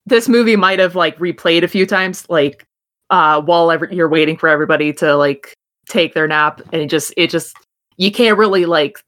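A woman running a tabletop game with a somewhat low voice. She narrates in a rambling, self-deprecating way, piling on detail. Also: fairly bright tone. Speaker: game master.

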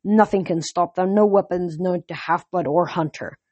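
A reader voicing an irritable, commanding male villain general who barks orders and sneers, a bit higher and louder than their own voice. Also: normal speed, no echo, highs cut off, natural voice. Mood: gloating. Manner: barking orders, scornful.

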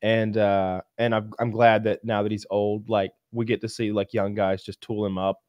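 A man with a fairly low voice, recorded dry and close, chatting casually on a podcast. He gives blunt opinions and stumbles over repeated words. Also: level tone, normal speed, darkish tone, no room sound. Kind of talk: casual chat.

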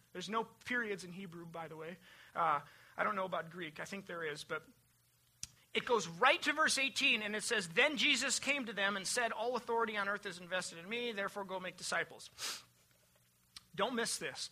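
A pastor delivers a Sunday sermon in a strikingly bright, sharp-edged voice. The delivery is emphatic, building refrains and lists, then dropping to hushed, low passages. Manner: emphatic, swings between loud declarations and hushed, low passages.

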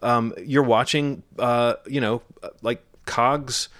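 A man co-hosting a casual film review chat, opinionated and animated, quick with a joke. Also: mid-range voice, no room sound, clean studio sound. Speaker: film podcast co-host.

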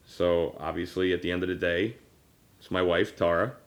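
His voice sits low, with fairly even intonation and a moderate pace, as this man in his thirties hosts an informal podcast. The personal chat meanders with many fillers and restarts, and sometimes he's choked up.

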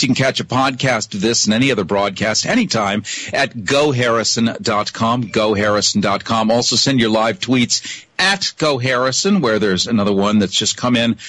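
A man's voice: medium pitch, fairly bright tone, dry recording. Radio host, male, conversational with dry wit, close dry mic. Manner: conversational, wry asides. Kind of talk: call-in radio talk.

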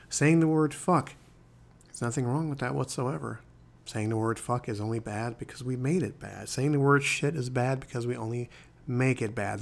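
A man in his forties hosting a solo podcast, musing calmly about life, with rhetorical asides. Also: medium pitch, creaky. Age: 40s. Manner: calm, reflective, preachy musing with rhetorical asides. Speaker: podcast host.

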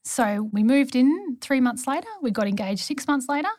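A woman's voice: high-pitched, expressive, moderate pace, dry recording, studio quality. A woman who works as a neonatal nurse practitioner, a guest on an interview podcast, telling her stories in an earnest way. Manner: warm storytelling, earnest. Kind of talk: conversational interview.

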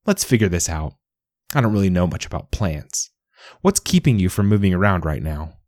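A man's voice: sits low, sing-song, moderate pace, darkish tone, no echo, studio quality. A man voicing a rude, grumpy fairy penguin in a storybook reading, curt and bossy.

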